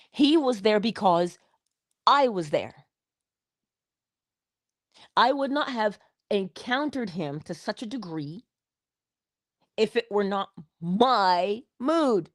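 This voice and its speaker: A middle-aged woman from Barbados, telling an inspirational story in an expressive way with drawn-out emphasis. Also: mid-range voice, no room sound, studio quality. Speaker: inspirational vlogger. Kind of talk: storytelling motivational talk.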